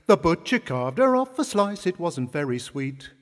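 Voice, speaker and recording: A man's voice: a little high, very animated, normal speed. A man leading an a cappella comic music-hall song, telling each verse in jaunty patter before the chorus. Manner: jaunty storytelling patter between sung choruses. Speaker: lead singer and narrator of a comic song.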